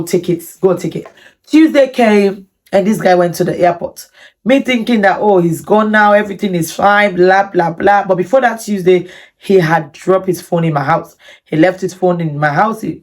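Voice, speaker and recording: A woman vlogger telling a personal story to camera in an animated, indignant way, with many repetitions. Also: fairly low pitch. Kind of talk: storytime vlog.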